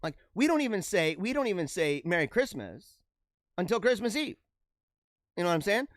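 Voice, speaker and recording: A man's voice: high voice, sing-song, fairly quick, dry recording, studio quality. A middle-aged man hosting a show, giving rambling, joking commentary on the news and laughing often. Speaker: show host.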